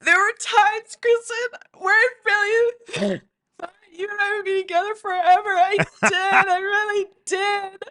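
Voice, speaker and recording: A woman imitating a man who fakes crying, with a high, quavering, mock-sobbing voice. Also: little pitch movement, unhurried, pushed and bright, exaggerated voice. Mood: mock-tearful. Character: whiny weepy man faking tears, theatrical.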